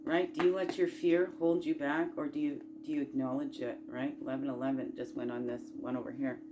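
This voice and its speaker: A spiritual self-growth host leads a casual chat, a woman who rambles folksily and encouragingly through asides and rhetorical questions, moving between loud outbursts and murmured moments. She has a bass voice with a flat delivery and a slightly fast pace, and the background is noisy.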